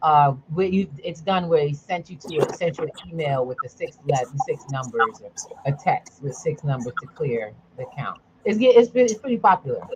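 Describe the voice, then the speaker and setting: A woman's voice: low voice, animated, moderate pace. Woman cohost explaining stuff, muffled lo-fi audio, loads of noise behind. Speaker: co-host. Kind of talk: casual interview chat. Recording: dull lo-fi call with loud noise.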